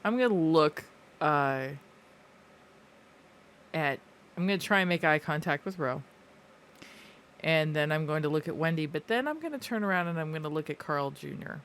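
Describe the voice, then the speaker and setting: A man playing a tabletop role-playing game, speaking slowly and deliberately in character. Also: on the high side, fairly bright tone, clean tone. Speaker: player.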